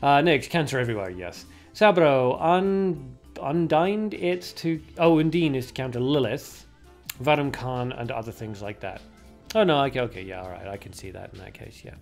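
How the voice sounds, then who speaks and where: A man streams a card game and chats casually with viewers, thinking aloud and using lots of fillers as he plays. His mid-range voice is creaky and lively, at a normal pace. Faint game music plays underneath this casual livestream commentary.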